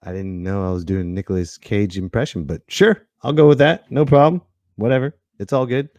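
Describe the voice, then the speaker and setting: A man's voice: lowish voice, brisk, a little mellow, dry recording, studio quality. A middle-aged man hosting a live podcast in casual chat, joking and laughing often. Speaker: podcast host.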